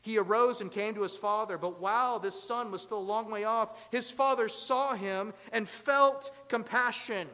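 A man preaching a sermon as pastor, asking rhetorical questions and swinging between loud emphasis and hushed lines. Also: high-pitched, moderate pace, few pauses, big-room sound.

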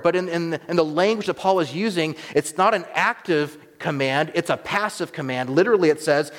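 An American man preaching a sermon in a church, earnest and measured, slowing down and dropping to a hush on key words. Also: a little high. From United States. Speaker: pastor. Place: church sanctuary. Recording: long hall reverb.

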